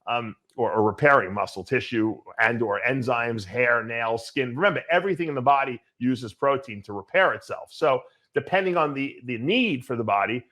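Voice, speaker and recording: Blunt older man, animated Q&A host. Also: mid-range voice, moderate pace. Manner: blunt, animated storytelling with swearing. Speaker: bodybuilding show host. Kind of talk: casual Q&A answer.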